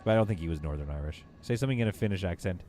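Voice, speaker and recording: Streaming gameplay live, the somewhat Canadian-accented man banters playfully and responds to chat in casual commentary. His warm, low voice races along with lively intonation, and faint music plays in the background.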